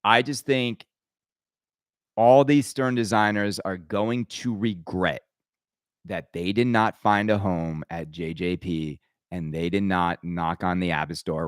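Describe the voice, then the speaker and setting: A man's voice: deep voice, steady tone, slow pace, smooth, dry recording, clean studio sound. A man hosting his own podcast, ranting his opinions emphatically and rambling, with frequent stammered restarts. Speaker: podcast host.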